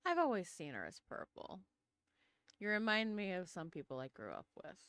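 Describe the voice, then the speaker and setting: A woman voicing Thaddeus, a confident, regal and very old man who plays the relaxed host at a table. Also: medium pitch, moderate pace, clean tone, no echo, clean studio sound.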